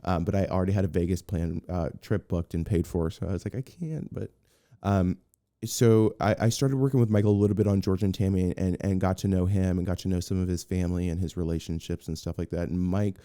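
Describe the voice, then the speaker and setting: A man's voice: deep voice, quick pace, clear, resonant tone, dry recording, studio quality. A man as a podcast guest, telling a story in casual chat, acting out what people said and restarting his sentences often. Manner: animated, acts out quotes, frequent restarts.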